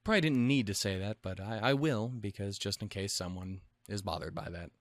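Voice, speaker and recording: A man's voice: lowish voice, fairly quick, no echo. A man from Montana hosting a casual reaction video, giggly, swearing freely and poking fun at himself. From Montana, USA. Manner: giggly, profane, self-mocking.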